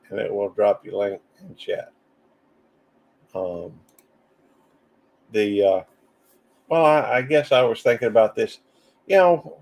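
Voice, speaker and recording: A man with a Southern drawl chats casually to his live stream audience. His voice sits low with a gravelly fry to it. He wanders between thoughts and breaks off to greet viewers from the chat. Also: a little mellow. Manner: rambling, drawling, reads chat comments aloud.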